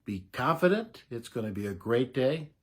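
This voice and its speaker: A middle-aged man giving unhurried, casual advice to camera as a voice coach, explaining with soft laughs. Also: medium pitch, sing-song, slightly rough.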